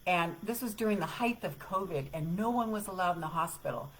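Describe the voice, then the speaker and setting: A woman's voice: on the low side, brisk, slight background noise, rough recording. A middle-aged woman hosting a live self-help show, rambling casually through a personal story with laughs and the odd swear word. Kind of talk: rambling casual chat with viewers.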